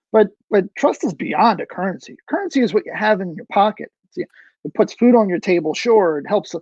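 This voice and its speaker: A man's voice: high-pitched, darkish tone, no room sound. A man hosting a livestream interview over a video call, giving short affirmations and then musing aloud. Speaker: show host. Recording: dull lo-fi video call audio.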